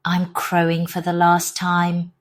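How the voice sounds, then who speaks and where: A woman voicing a tearful male rooster in a storybook, with a shrill, crowing way of speaking. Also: monotone, takes it slowly. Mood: sobbing.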